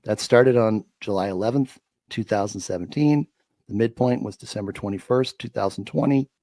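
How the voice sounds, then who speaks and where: A man's voice: fairly low pitch, normal speed, dark tone, no echo, studio quality. A man giving a faith-filled talk as a guest, emphatic and preacher-like, repeating his points.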